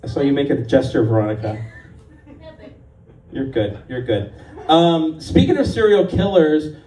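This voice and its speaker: Chatty, self-mocking male comic in his fifties, mellow and a bit high, heard from afar in an echoey bar. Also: measured pace, recorded from a distance. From Los Angeles area, USA. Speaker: stand-up comedian. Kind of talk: live stand-up set. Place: stage of a bar. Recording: echoey bar room from afar, faint noise.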